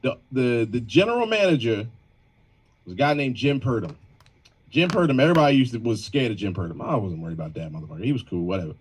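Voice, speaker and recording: A man's voice: mid-range voice, quick pace, a little hiss or hum, rough recording. A man telling wild work stories on a video call in casual slang, mimicking people he talks about. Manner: animated, slangy, mimics people in exaggerated voices. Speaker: band member.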